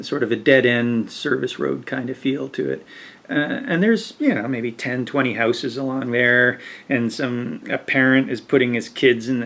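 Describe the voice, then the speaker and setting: A man's voice: mid-range voice, gravelly, a bit bright. A man telling a rambling personal anecdote, with many fillers and chuckles. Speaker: storyteller. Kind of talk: casual anecdote.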